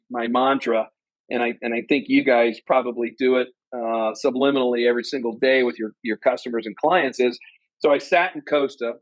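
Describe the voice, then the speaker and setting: An earnest man from Ohio, USA, a former company president, tells his personal story as a guest in an interview. He's an animated storyteller who raises his voice higher to act out quotes, and the recording is dry and rough.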